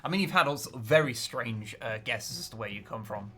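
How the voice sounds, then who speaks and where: A man's voice: medium pitch, expressive, fairly quick, a bit bright, faint music behind. A man co-hosting a livestream, chatting casually in a dry, laid-back way with some hesitation. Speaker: livestream co-host. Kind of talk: casual chat. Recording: noisy mic with clicks.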